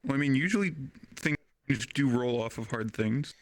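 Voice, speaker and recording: A man's voice: medium pitch, lively intonation, normal speed, low-quality recording. Easygoing male talk show guest. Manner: easygoing, wry, lots of uh-huhs. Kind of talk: casual chat.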